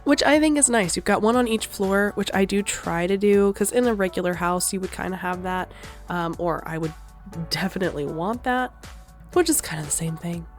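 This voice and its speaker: A woman's voice: medium pitch, normal speed, soft background music. Chatty young woman, rambling and giggly. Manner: chatty, rambling, laughs often. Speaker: gaming vlogger. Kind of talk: casual voice-over commentary.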